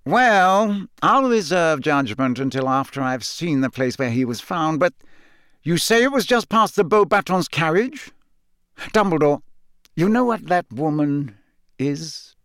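A defensive, blustering middle-aged male minister from a storybook, talking impatiently in a raised, lively voice, voiced by a man reading aloud. The sound is dry and close. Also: a little high, a little slow, clear, resonant tone, dry recording, pitched above the performer's own voice.

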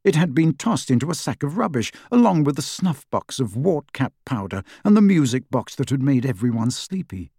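Male audiobook narrator, measured and expressive, mid-pitched, dry booth sound. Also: husky, no echo. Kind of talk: scripted narration.

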